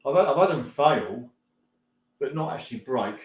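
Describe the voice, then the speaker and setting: A man's voice: medium pitch, animated, moderate pace, reverberant. A middle-aged man hosting a casual live stream, rambling through viewer comments with frequent laughs and mild swearing.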